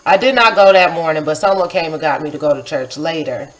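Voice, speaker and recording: A woman around forty tells a personal story to her viewers in a loose, conversational way. She talks in an animated manner, scattering "like" and "you know" throughout, and acts out what she once said in a livelier voice. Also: sits low, a little fast, low-quality recording. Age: about 40. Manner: acts out her own past remarks in a livelier voice. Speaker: poet and vlogger.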